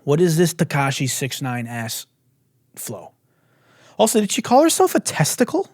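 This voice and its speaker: Brief: sarcastic male host ranting, very animated pitch, dry close sound. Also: normal speed, no room sound. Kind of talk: comedic commentary.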